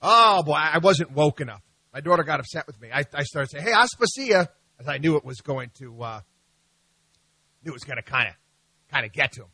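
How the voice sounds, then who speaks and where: A man hosting a financial talk radio show, telling stories in an animated, mocking way with frequent restarts. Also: on the high side, brisk, breathy edge, no room sound. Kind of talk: opinionated talk radio monologue.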